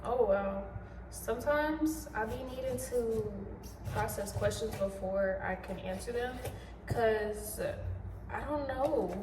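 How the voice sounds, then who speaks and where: A woman's voice: a little high, takes it slowly, roomy sound, background noise. A young pregnant woman chatting casually while she cooks in her home kitchen, rambling and laughing often. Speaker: vlogger.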